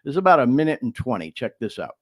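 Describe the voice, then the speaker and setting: Swearing podcast host, lively delivery. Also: male voice, medium pitch, quick pace. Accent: Midwestern American. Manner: profane, conversational, addresses listeners as y'all. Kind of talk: casual podcast monologue.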